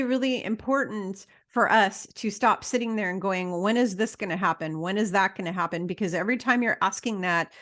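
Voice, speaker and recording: A middle-aged woman with a mid-range, slightly bright voice hosts a casual interview podcast. She talks emphatically and bluntly, swearing freely while lecturing her listeners.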